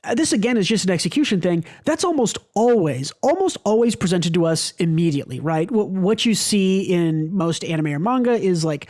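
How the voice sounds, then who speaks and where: A man co-hosting a manga podcast, talking in a rambling, animated way with many restarts. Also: high-pitched, a little fast, hardly any pauses. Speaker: podcast co-host. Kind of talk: casual podcast discussion.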